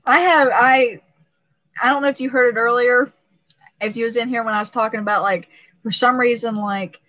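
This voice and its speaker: A woman's voice: fairly high pitch, fairly even intonation, moderate pace, fairly bright tone, dry recording, poor audio. A young pregnant woman hosting a casual live stream, talking emotionally and laughing often, with many restarts.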